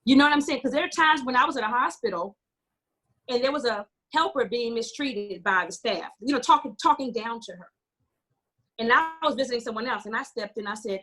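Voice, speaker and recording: A woman's voice: a little high, brisk, pushed and bright. An American woman speaking as a community organizer in a panel discussion, telling stories passionately and quoting dialogue. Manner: passionate, storytelling with quoted dialogue.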